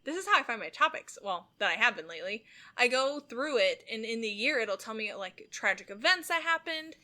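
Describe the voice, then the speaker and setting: A woman's voice: a little high, expressive, fairly quick, sharp tone. A young woman co-hosting a casual podcast, earnest and rambling, full of "like". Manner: earnest, rambling, heavy use of "like". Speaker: podcast co-host.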